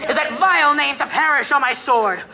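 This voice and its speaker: A woman's voice: sits high, a little fast, vocal fry, bright, forceful tone, full character voice. A young woman playing an ardent young male lover in a school stage play, declaiming verse earnestly. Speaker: student actor.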